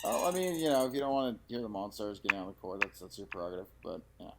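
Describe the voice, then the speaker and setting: A young man co-hosting a casual sports podcast, excitable and quick to quote old movie lines. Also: on the low side, gravelly, heavy background noise. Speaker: podcast co-host.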